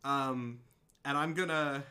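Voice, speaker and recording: Chatty, laughing game master. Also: male voice, mid-range voice, slow pace, pushed and bright, clear, resonant tone. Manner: rambling, laughs often, filler-heavy. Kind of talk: narrating a tabletop game.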